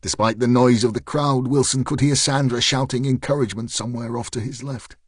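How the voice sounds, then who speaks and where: A man reading an audiobook in a steady, measured storytelling manner on a close studio mic. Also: mid-range voice, slightly rough, no echo. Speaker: audiobook narrator. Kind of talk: scripted narration.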